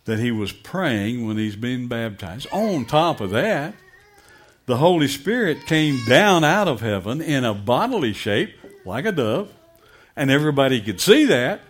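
A man's voice: mid-range voice, big pitch swings, unhurried, a little hiss or hum. A middle-aged pastor preaching a sermon, emphatic and asking his congregation direct questions.

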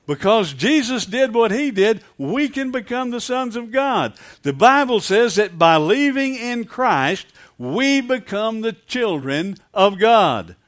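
Male preacher, sermon, lively swooping delivery, calls for amens. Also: high voice. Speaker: pastor.

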